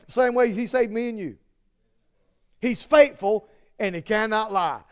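A man preaching a sermon and telling personal stories, halting with many fillers and restarts, then rising to emphatic peaks. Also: high voice, smooth. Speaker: pastor.

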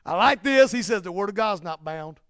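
A man preaching a sermon, building to loud, emphatic peaks and dropping to quiet, slow asides. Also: high voice, animated, smooth, no echo, studio quality.

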